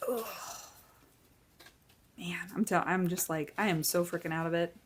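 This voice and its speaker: A woman's voice: on the low side, moderate pace, slight background noise. A woman in her forties chatting casually and upbeat while she counts cash into budget envelopes, tired from little sleep. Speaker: budgeting vlogger.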